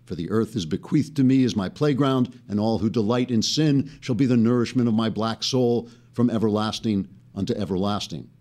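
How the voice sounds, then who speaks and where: A man's voice: lowish voice, normal speed, few pauses, mellow, close to an everyday voice. A man reading as a gloating doomsday dragon. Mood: mock-menacing. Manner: mock-solemn reading of a joke quote. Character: gloating male apocalypse dragon, hungry for sinners.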